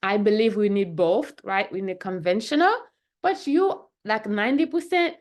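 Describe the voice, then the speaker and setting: Woman doctor with a middle-pitched voice, talking casually to the camera in a chatty way and checking in with the listener. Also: normal speed. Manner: chatty, keeps asking "right?" and "okay?". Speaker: functional medicine doctor.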